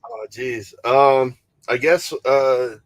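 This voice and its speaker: A man with a mid-pitched voice talks in a relaxed podcast chat, pausing and restarting as he tells his story. The sound is close and dry. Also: no echo. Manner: hesitant, lots of uh and restarts. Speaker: podcast co-host. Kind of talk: casual chat.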